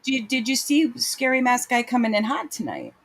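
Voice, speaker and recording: A woman's voice: fairly high pitch, very animated, normal speed. A woman co-hosting a casual livestream, trading sarcastic banter. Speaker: livestream co-host.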